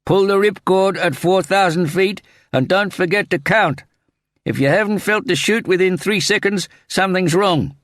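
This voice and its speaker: A man voicing a small skydiving instructor who shouts instructions over a roaring wind in an audiobook. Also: high voice, moderate pace, no room sound, studio quality, voice pushed up. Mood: urgent shouting.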